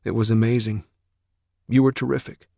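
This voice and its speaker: A man's voice: mid-range voice, level tone, moderate pace, vocal fry, warm tone, no room sound, clean studio sound, pitched above the performer's own voice. A man voicing an anxious, protective father who pleads and defends himself. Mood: defensive.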